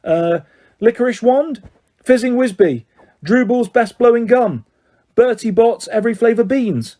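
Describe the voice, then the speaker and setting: A man's voice: extremely high pitch, unhurried, dark tone, pitched above the performer's own voice. A man voicing an anxious, frustrated teenage boy wizard in an audiobook. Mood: urgent frustrated. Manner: urgent, frustrated.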